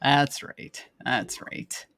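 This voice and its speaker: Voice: very slow, a bit bright. A co-host in a casual livestream who mostly chimes in with short agreeing replies and dry one-liners. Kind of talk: casual chat.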